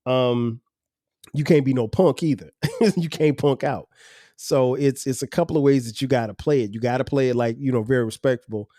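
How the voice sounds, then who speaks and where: A man in his forties hosting a podcast, telling relaxed stories with slang, frequent laughs and "um" pauses. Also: mid-range voice, dry recording, clean studio sound. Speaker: podcast host. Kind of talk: casual storytelling monologue.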